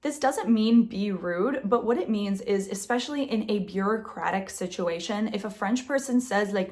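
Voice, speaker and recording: A young American woman talks straight to the camera in a casual advice vlog. Her voice sits at a middling pitch, and she is chatty and quick. She leaps up in pitch whenever she acts out what other people say. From United States. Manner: chatty, quick, acts out quoted dialogue with lively pitch jumps. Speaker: vlogger. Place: apartment in Paris.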